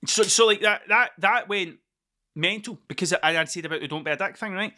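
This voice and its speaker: This Scottish podcaster's voice sits high and moves a little fast, bright and forceful. Hosting his own show solo, he rambles loosely from point to point and swears freely.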